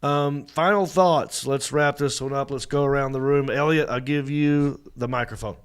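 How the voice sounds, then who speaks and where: A man's voice: medium pitch, fairly even intonation, normal speed, clean tone. A man with a scratchy, sore throat hosting a casual comedy talk show, joking and rambling through stories. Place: studio set with a small crew.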